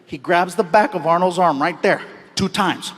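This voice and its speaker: High-voiced man telling a lively stage story. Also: normal speed, in a large hall. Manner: animated, laughs at his own lines, yells for effect. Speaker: stand-up comedian and host. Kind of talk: live stand-up storytelling. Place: comedy stage before a live audience.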